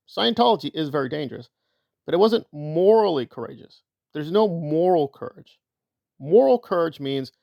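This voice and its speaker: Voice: medium pitch, vocal fry, no room sound, studio quality. A commentator giving opinion commentary in a sarcastic, argumentative way.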